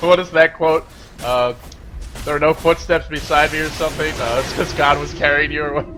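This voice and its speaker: A man casting a live esports match, excitable and quick to shout and laugh. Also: a little high, over music. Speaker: esports caster.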